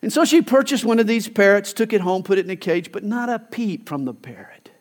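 A man's voice: high voice, animated, brisk. A male pastor preaching a sermon, emphatic, telling stories and acting out quoted lines. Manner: emphatic, storytelling with acted quotes.

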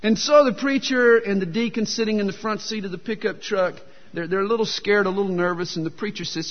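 A man's voice: high voice, brisk, hardly any pauses. A man preaching a sermon, telling folksy jokes with a self-deprecating humor, recorded in a dull, echoey hall. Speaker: pastor.

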